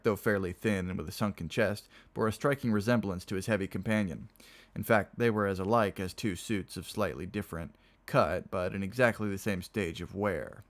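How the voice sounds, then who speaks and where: A man reading a novel aloud on a stream, narrating plainly and chatting with viewers between passages. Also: low-pitched. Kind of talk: casual read-aloud narration.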